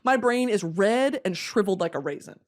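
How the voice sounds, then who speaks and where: Animated, laughing young woman podcast host. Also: medium pitch, brisk. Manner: animated, swearing, laughing often, jumping between voices. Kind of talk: casual comedic storytelling.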